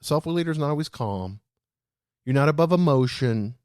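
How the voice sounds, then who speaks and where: A man hosting a leadership show, speaking straight to his listeners in a lively, animated way. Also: a little high, a little fast, clear, resonant tone, dry recording, studio quality. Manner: animated, addresses listeners as "guys". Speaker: podcast host.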